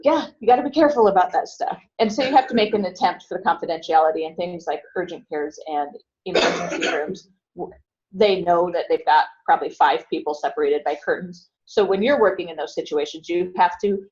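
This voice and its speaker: Woman lecturer, low-ish voice, casual classroom delivery, dull lo-fi recording. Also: a little fast, a little mellow. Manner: conversational, asks the class questions. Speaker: instructor.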